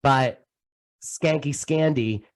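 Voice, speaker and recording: Animated male podcast co-host. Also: medium pitch, takes it slowly, poor audio. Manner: animated, emphatic gossiping. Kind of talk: casual chat.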